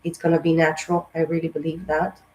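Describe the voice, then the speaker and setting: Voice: mid-range voice, level tone, quick pace, slight background noise, low-quality recording. A tarot reader talks straight to camera in a casual astrology reading. The speech is loose and rambling, full of fillers and restarts, with direct, encouraging asides. The voice sounds strained and sensitive, as the speaker says it has been lately.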